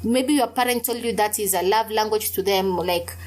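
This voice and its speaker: A woman's voice: medium pitch, moderate pace, darkish tone. A young woman hosting a solo podcast, telling a personal story in a candid, emphatic way with frequent fillers. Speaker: podcast host. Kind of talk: casual solo podcast talk.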